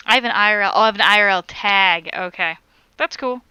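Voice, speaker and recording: A woman's voice: mid-range voice, a little fast, sharp tone, clear, resonant tone, no room sound, soft background music. A woman on a crochet live stream, chatting casually as she reads viewer comments aloud and answers them.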